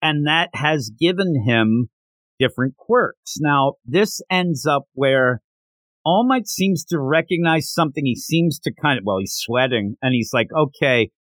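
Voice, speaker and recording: A male podcast host who talks in a loose, rambling way, often doubling back mid-sentence. His voice sits a bit high and swings widely in pitch. The sound is dry and close. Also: lively intonation, unhurried, fairly bright tone, no room sound. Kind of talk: casual podcast chat and recap.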